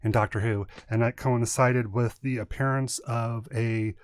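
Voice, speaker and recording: A man's voice: mid-range voice, fairly even intonation, unhurried, no room sound, studio quality. A man co-hosting a livestream, chatting casually in a rambling, jokey way with many fillers. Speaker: livestream co-host. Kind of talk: casual chat.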